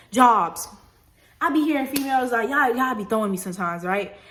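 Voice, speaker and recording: A young woman, casually lecturing on faith and choices in an animated, slangy way, often asking "you feel me?". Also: fairly high pitch. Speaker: faith vlogger. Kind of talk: casual preachy monologue.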